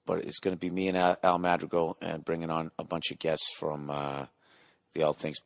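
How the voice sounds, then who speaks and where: A man's voice: a bass voice, flat delivery, a little fast, vocal fry, dry recording, clean studio sound. A middle-aged man hosting a solo podcast, rambling in a profane, sarcastic rant. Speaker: podcast host.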